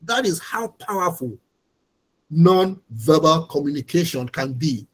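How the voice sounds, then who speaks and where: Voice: mid-range voice, lively intonation, measured pace, husky, rough recording. An instructor, giving an online training lecture over a video call in a patient, explanatory way and repeating key points.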